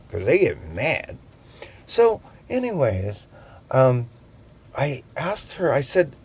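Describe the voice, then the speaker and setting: A man's voice: medium pitch, huge pitch swings, slow pace, pauses often, a little mellow, husky. A man in his fifties telling a rambling, jokey anecdote in a casual, digressive way. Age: 50s. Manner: chatty, digressive, jokey asides. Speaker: vlogger. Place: on a boat.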